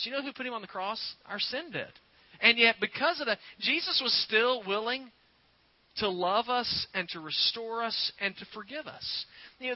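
A pastor preaches in an earnest, folksy storytelling manner. His voice sits on the higher side. The recording is dry and a little dull. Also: no echo. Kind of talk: sermon.

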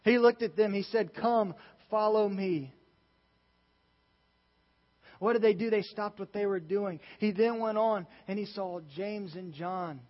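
Young male youth pastor, fervent preacher, high voice, muffled sound in a big echoing hall. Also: moderate pace, hardly any pauses. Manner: passionate, emphatic preaching with many restarts. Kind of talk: sermon. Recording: dull sound with long reverb in a large hall.

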